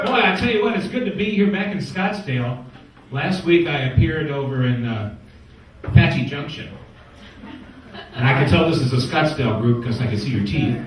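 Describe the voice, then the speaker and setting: Wisecracking New comic in an echoey room. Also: male voice, fairly high pitch, recorded from a distance, a little hiss or hum. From New York. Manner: wisecracking, deadpan setups with punchlines. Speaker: stand-up comedian. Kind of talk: stand-up comedy set.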